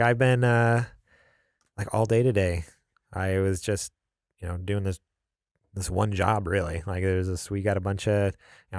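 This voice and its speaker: A man's voice: fairly low pitch, dry recording, studio quality. Laughing, easygoing male podcast host. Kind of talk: casual chat. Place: studio.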